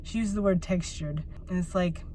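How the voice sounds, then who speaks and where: A woman's voice: lowish voice, moderate pace, mellow, slight background noise. Exasperated woman venting in a vlog. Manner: venting, exasperated, rambling with many "like"s. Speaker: vlogger. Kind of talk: personal vlog rant.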